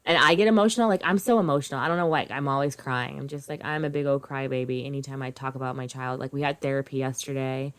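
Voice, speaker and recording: A woman in her thirties co-hosting a podcast in casual chat, expressive and swearing freely, swinging between loud and quiet. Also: extremely low pitch, fast talker, few pauses, clear, resonant tone. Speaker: podcast co-host.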